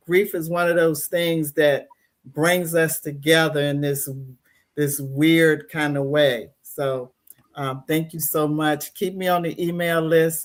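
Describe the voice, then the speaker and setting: A woman who works as a grief counselor, speaking gently and unhurriedly with soft fillers. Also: deep voice. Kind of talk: casual sign-off on a call.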